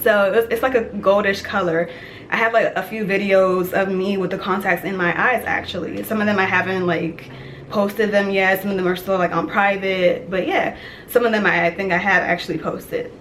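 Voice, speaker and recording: A young woman telling a dream story in casual vlog style, animated and chatty, with many "like" fillers. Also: mid-range voice, normal speed, slight background noise. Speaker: vlogger.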